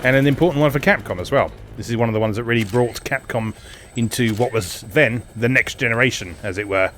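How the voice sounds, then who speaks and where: A man's voice: medium pitch, a little fast, fairly bright tone, a little hiss or hum. Wry, chatty man commenting on a game. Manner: chatty, wry, many fillers. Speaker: retro game video host. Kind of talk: casual gameplay commentary.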